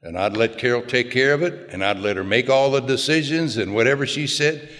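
A man's voice: mid-range voice, a little fast, fairly bright tone. Older man telling stories in a hall. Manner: folksy, plain-spoken, self-mocking humor. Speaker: speaker sharing his story. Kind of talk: personal storytelling talk. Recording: long hall reverb.

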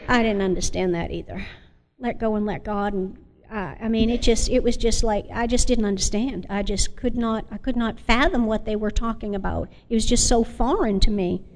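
A woman sharing her recovery story as an Al-Anon member, earnest and reflective, pausing often with fillers. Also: medium pitch, a little mellow, long reverb tail. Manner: halting, with many pauses and fillers. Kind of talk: personal testimony.

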